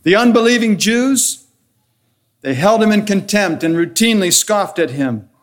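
Male pastor, slightly higher voice, earnest and measured sermon delivery. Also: lively intonation. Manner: earnest, measured preaching with rhetorical questions and enumerated points.

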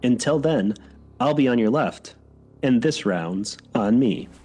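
A man's voice: medium pitch, animated, takes it slowly, mellow, husky, soft background music. A man with a Wisconsin accent co-hosting a podcast in casual chat and wrapping up the episode. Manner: wraps up the show, self-conscious when teased. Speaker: podcast co-host.

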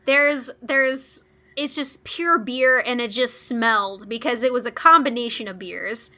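A young woman in her twenties telling a childhood story in a casual chat, animated and giggly, acting out the voices of others. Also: on the high side, unhurried. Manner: animated, giggly, swears, acts out voices in quotes. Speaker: podcast co-host, younger sister.

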